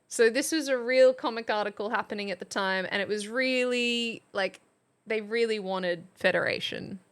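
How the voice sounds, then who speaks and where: A woman's voice: on the high side, moderate pace, a bit bright, clear, resonant tone. An Australian woman streamer giving a casual history lesson, chatty and playful and often laughing.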